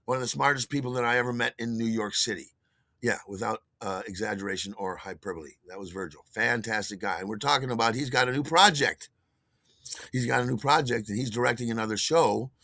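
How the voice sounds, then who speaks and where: An older man spins a casual, rambling story as a podcast host, stopping to restart his sentences and chuckling at himself. His voice is bright and tense, recorded close and dry with no room sound. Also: brisk, no room sound. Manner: animated, acts out quotes in a higher voice.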